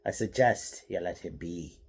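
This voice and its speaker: A man voicing a mysterious older swordsman who speaks quietly and calmly with an odd accent. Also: low voice, a little slow, slightly rough, exaggerated voice. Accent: odd foreign-sounding accent. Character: mysterious older male swordsman, calm and commanding.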